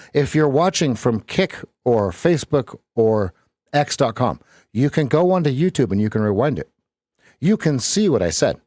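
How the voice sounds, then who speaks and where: A man's voice: medium pitch, a little mellow, no echo. A man coaching viewers through live trades on a stream, loose and joking, talking straight to his chat on a close mic. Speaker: trading coach. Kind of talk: live-stream trading commentary.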